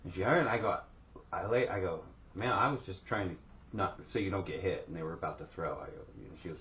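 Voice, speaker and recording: A man's voice: sits low, quick pace, a bit bright, distant mic. A middle-aged man co-hosting a podcast with his wife, telling profane stories in casual chat. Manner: profane storytelling, swears freely. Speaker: podcast co-host. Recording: dull lo-fi sound with faint background hiss.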